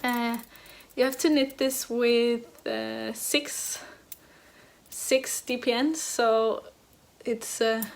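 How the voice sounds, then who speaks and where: Young woman chatting about knitting at home, rambly, kinda high voice. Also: fairly even intonation, very slow. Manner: chatty, rambling, many fillers and restarts. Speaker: knitting podcast host. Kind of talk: casual chat.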